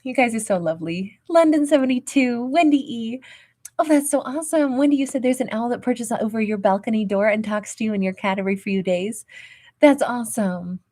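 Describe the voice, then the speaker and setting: A woman's voice: fairly high pitch, fairly quick, dark tone. A woman hosting a livestream tarot reading, talking in a peppy, emphatic way and greeting viewers with endearments. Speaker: tarot reader and livestream host.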